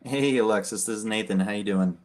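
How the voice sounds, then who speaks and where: A man casually coaching people on cold calling between phone calls, often tagging his points with a quick "right?". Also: on the low side, darkish tone, a little hiss or hum. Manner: conversational, keeps adding "right?". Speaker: real estate wholesaling coach.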